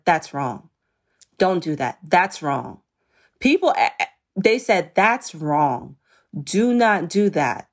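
A woman guest on a podcast in casual interview chat, talking emphatically and repeating key phrases. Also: medium pitch.

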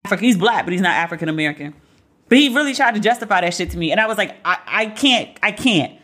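A woman's voice: medium pitch, rapid-fire. A woman in a casual commentary monologue, talking candidly and profanely and acting out other people's voices as she retells stories. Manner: candid, profane, animated storytelling.

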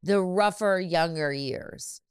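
Host: young woman, low and smooth, animated casual interviewer. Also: slow, no room sound, clean studio sound. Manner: lively, acts out quoted speech. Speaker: podcast host, mother.

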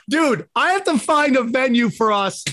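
A man's voice: very high-pitched, expressive, measured pace, pushed and bright, slight background noise. A man co-hosting a comedy podcast, brash and teasing, laughing as he jokes crudely. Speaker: podcast co-host.

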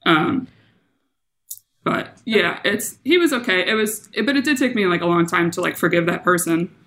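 A woman's voice: fairly low pitch, normal speed, a bit bright. A young woman, a podcast guest, telling a personal story in casual chat, laughing often and acting out what people said. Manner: chatty, laughs often, acts out quotes in her story.

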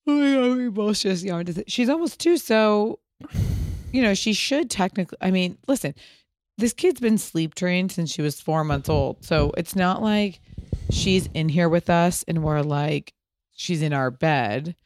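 A woman's voice: lowish voice, lively intonation, unhurried, darkish tone, no room sound, studio quality. A woman hosting a podcast with her husband, chatting casually and teasingly from bed. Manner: playful, teasing, swears freely. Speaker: podcast host. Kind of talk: casual chat. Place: bedroom at home.

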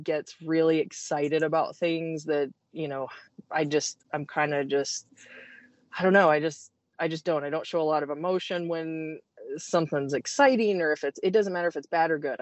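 A woman guest telling a story in a casual interview, animated and self-deprecating, stopping and restarting often. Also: low-pitched, no room sound. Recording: dull, dry sound.

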